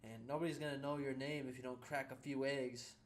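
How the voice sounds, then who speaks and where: Crude, deadpan man, mid voice. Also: medium pitch, brisk, a little hiss or hum. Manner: crude, deadpan mock advice. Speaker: co-host. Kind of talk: casual reaction commentary.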